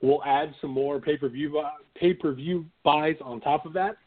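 A man's voice: on the high side, fairly even intonation, moderate pace. A man hosting a casual combat sports podcast, easygoing and chuckling as he talks. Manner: easygoing, chuckling, many fillers. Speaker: host. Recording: phone-like narrow sound.

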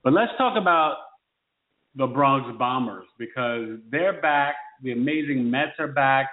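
A man co-hosting a casual sports chat, animated and teasing, quick to exclaim. His voice comes through thin and phone-like. It also rings in a roomy, echoey space. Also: mid-range voice. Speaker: sports talk show co-host. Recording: phone-like tinny echoey sound.

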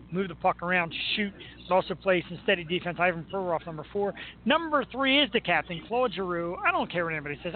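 A chatty male talk show host with a notably high voice runs through his favorite local athletes in an enthusiastic, rambling way. The sound is thin and phone-like, with a faint hiss behind him. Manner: chatty, enthusiastic fan banter. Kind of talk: casual sports talk.

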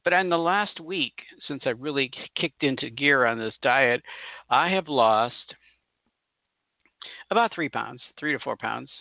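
A middle-aged man chats on his own podcast in a rambling, folksy way, often stopping to correct himself. His voice has a gravelly fry to it. The sound is dry and thin, like a phone line. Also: mid-range voice, lively intonation, unhurried, dry recording. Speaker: podcast host and spirit channeler. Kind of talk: casual solo podcast monologue.

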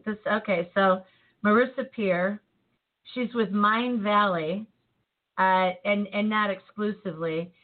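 A woman co-hosting a casual motivational chat, animated and laughing easily, often trailing off mid-thought. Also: mid-range voice. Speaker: co-host. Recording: tinny phone-like line.

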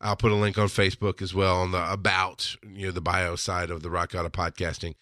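Casting note: chatty male podcast host, rambling anecdotes with quoted voices, bright tone, dry studio sound. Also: low voice, level tone, brisk, no echo. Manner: rambling storyteller who acts out quoted voices. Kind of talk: casual solo podcast monologue.

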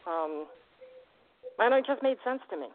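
A woman hosting a radio show, chatting with a caller and telling stories in a lively way, laughing often. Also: a little high, slight background noise. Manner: fast, animated storytelling, laughs often. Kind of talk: casual radio interview chat. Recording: tinny phone line.

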